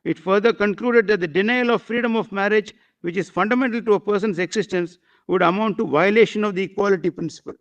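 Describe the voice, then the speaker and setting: A man's voice: high-pitched, fast, highs cut off. A man arguing a case before a bench of judges, deferential and hesitant, constantly saying "my lord". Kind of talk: courtroom argument.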